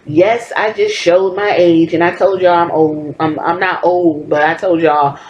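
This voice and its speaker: A woman's voice: fairly low pitch, steady tone, unhurried, reverberant, muffled recording, a little hiss or hum. A woman in her late thirties, hosting a podcast and giving blunt, profane, opinionated wrestling commentary from home. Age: 30s. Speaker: podcast host.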